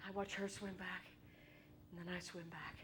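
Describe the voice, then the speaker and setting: A woman's voice: lowish voice, flat delivery, fairly bright tone, slight background noise. A middle-aged woman performing an autobiographical stage monologue, telling her story with wry, irreverent humor and crude asides, and briefly acting out her own past voice. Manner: acts out her own past voice in quick bursts. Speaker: solo show performer. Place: theater stage.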